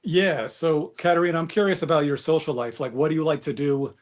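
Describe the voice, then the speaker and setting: A man's voice: fairly high pitch, steady tone, a little fast. A man on a dating show, asking earnest questions in casual chat and leaning on fillers like "you know".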